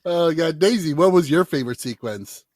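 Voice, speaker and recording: Lively podcast host man, dry sound. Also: fairly high pitch, normal speed, no room sound. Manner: storytelling, hesitant with many fillers. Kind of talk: casual podcast chat.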